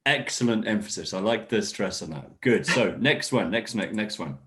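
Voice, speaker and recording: A man leads an online English class over a video call. His voice sits fairly low, but his intonation swings widely as he models stressed sentences. He encourages each learner by name. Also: animated, moderate pace, fairly bright tone. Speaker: English workshop teacher.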